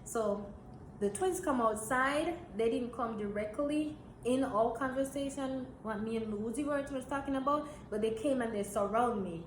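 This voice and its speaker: A young woman from Jamaica, telling a story in a blunt, animated, swearing way. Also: fairly high pitch, moderate pace. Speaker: vlogger. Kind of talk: storytime vlog. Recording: roomy echo, faint hiss.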